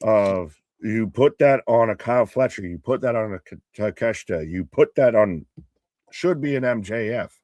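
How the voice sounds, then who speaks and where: A man's voice: on the low side, animated, normal speed, darkish tone, no echo. A man co-hosting a live wrestling watch-party stream, rambling through jokey, worked-up opinions. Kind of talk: casual live-stream chat.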